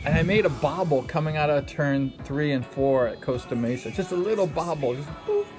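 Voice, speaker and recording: A middle-aged man with a somewhat high voice tells a rambling, filler-heavy racing story in a casual way. Loud music plays underneath him throughout. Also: brisk. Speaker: former speedway racer.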